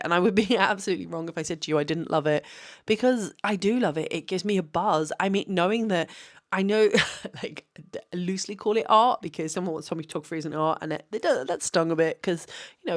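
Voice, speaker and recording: Woman late at night, tired, rambling and laughing, lowish voice. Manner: rambling and candid, many restarts, laughs often. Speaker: photographer. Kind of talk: candid late-night vlog.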